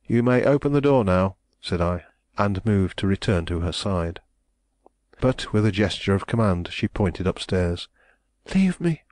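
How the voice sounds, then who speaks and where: A man narrating a novel in a measured, solemn manner. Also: low-pitched, a little mellow, no echo. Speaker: audiobook narrator. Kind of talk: scripted audiobook narration.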